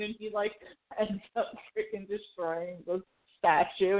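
An animated woman in casual conversation, getting emotional and laughing as she acts out bits of dialogue. Her voice sits at an ordinary pitch. The sound is narrow and tinny, like a phone line. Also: moderate pace. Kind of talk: casual chat about a film.

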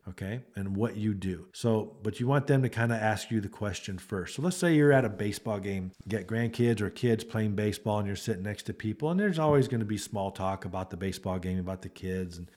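A man's voice: lowish voice, a little mellow. A man, a beef rancher hosting a podcast, talking in a casual monologue with an earnest, repetitive, salesman-like manner.

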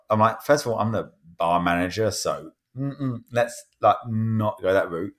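A British man chats his way through anecdotes on a podcast. He restarts sentences often and drops into quick character voices as he tells his stories. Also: fairly low pitch, a bit bright. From England. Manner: chatty storyteller, slips into impressions, rambling restarts. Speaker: podcast host. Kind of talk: casual chat.

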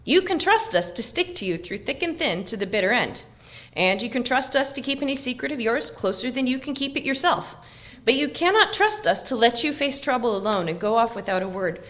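A clever, loyal young hobbit explains himself in a brisk, confiding way, as a woman reading aloud gives him voice. His lines sit a little higher and louder than plain narration. The pitch moves about a lot. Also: expressive. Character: clever, loyal young male hobbit, self-assured and talkative.

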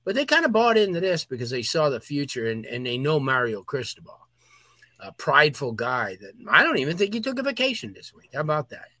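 A man's voice: a little high, huge pitch swings, a little fast, sharp tone, no echo. A man co-hosting a sports podcast, talking emphatically in casual chat. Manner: emphatic, talks through sneezes and throat clearing. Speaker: podcast co-host.

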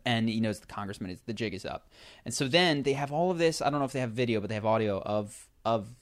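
A man with a middle-pitched voice telling a story in relaxed conversation. He talks animatedly, stumbling and restarting as he goes, with plenty of fillers. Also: quick pace. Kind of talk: casual storytelling chat.

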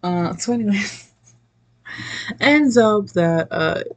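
A woman casually recapping a movie in an animated, profane rant, often acting out what people said. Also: medium pitch, slow. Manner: animated, profane, laughs often, acts out quotes.

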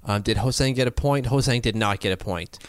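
A man's voice: medium pitch, a little fast, smooth, no room sound. A man co-hosting a laid-back sports podcast, thinking aloud and laughing often. His voice sits in an ordinary middle register. The recording is close and dry, with no room sound. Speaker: podcast co-host. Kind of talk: casual sports chat.

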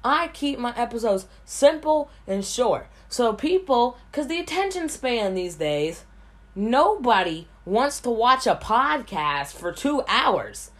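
A woman's voice: on the high side, very animated, slow, a bit bright. Blunt, rambling woman podcast host. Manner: rambling, blunt, repeats words. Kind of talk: casual solo podcast talk.

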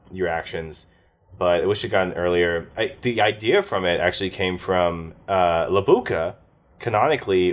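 Casting note: very low-pitched man, game master in a loose post-session chat, rambly, lots of ums. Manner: rambling, many fillers and restarts.

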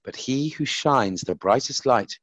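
A man's voice: mid-range voice, lively intonation, dry recording, pitched above the performer's own voice. A man voicing a sad, patient God. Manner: slow, gentle and questioning.

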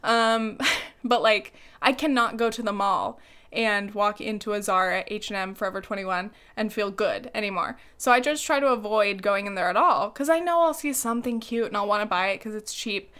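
A woman's voice: mid-range voice, normal speed, fairly bright tone, clear, resonant tone. A young woman vlogging in casual chat, talking freely with lots of fillers and swearing.

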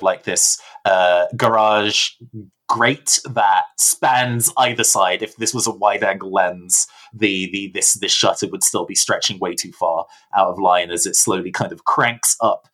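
A man's voice: low-pitched, steady tone, a little slow, a bit bright. A man running a tabletop role-playing game, narrating scenes in a rambling, improvised way. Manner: rambling, filler-heavy, frequent restarts. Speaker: game master.

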